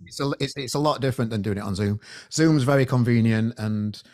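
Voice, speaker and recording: A man's voice: mid-range voice, fairly quick, darkish tone. A man hosting a podcast, chatty and friendly, laughing often and calling his guest mate. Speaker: podcast host. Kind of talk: casual interview chat.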